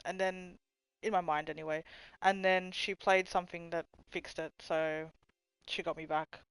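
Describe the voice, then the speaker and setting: A young woman livestreamer with a low, smooth voice that gets mistaken for a man's. She chats with her viewers casually and sarcastically, swearing freely and laughing often. The sound is dry and close. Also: little pitch movement, normal speed, dry recording, low-quality recording. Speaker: livestream host. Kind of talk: casual chat reading stream comments.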